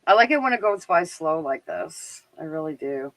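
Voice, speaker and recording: A woman's voice: low voice, animated, normal speed, fairly bright tone, no echo, poor audio. A middle-aged Canadian woman with a Canadian accent hosting a live stream, chatting casually and rambling with lots of fillers and laughs. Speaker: livestream show host.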